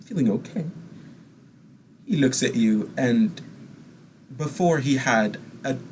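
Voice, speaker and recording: A man runs a tabletop game, describing halls and tapestries in an unhurried, descriptive voice. He pauses on little fillers as he goes. A faint hiss sits under the recording. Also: mid-range voice. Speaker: game master.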